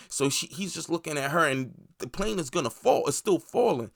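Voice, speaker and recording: A man's voice: a little high, lively intonation, fairly quick, creaky, hardly any pauses, a bit bright, dry recording, clean studio sound. A man hosting a movie review channel, casually recapping a series in a loose, rambling way with plenty of swearing and filler words.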